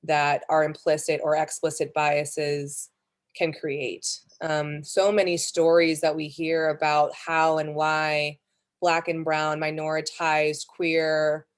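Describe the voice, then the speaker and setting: A woman moderating a session, speaking in a measured, thoughtful way. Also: sits low, level tone. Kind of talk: reflective discussion.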